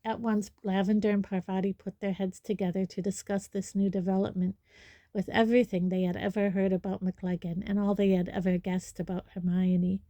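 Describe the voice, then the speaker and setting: A woman reading a storybook aloud in a steady, even manner. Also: mid-range voice, brisk, no echo. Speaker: audiobook reader. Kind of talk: storybook narration.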